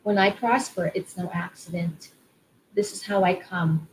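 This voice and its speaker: A woman talking casually to her viewers about spiritual growth in a gentle, rambling way, repeating affirmations aloud to practise them. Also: fairly low pitch, measured pace, slight background noise, poor audio. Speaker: spiritual vlogger and card reader. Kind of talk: casual spiritual talk to camera.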